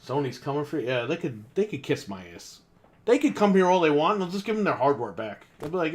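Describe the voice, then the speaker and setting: A man's voice: fairly high pitch, big pitch swings, fast talker. A man co-hosting a gaming podcast, ranting casually, in a heated and profane way. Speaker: podcast co-host. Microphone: desk microphone.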